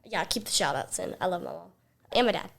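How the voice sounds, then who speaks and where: A woman's voice: fairly low pitch, expressive, fast, creaky. A teenage girl, a guest on a talk show, chatting casually and acting out the voices of the people in her story. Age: teens. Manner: chatty, acts out quoted voices, many "like"s.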